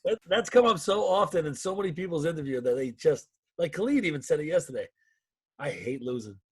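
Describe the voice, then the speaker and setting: A man's voice: a little high, expressive, fairly quick, slightly rough. A man, a youth wrestling coach, recalling past matches in an earnest, reflective way. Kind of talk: casual podcast interview.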